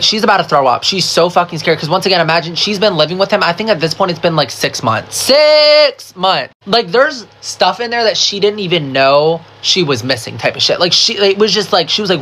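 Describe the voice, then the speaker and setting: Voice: medium pitch, fast, slight background noise. A storyteller in a casual storytime video. They swear a lot, fill every sentence with "like," and retell the story dramatically, acting out what other people said. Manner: chatty, swears a lot, constant "like" fillers; dramatic, animated retelling with quoted voices.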